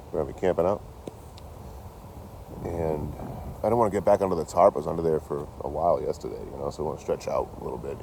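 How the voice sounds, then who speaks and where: Deep-voiced man swearing through a ramble. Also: gravelly, dark tone, slight background noise. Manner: profane, rambling, laughs often. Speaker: vlogger. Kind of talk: casual storytelling. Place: outdoors by a woodland camp.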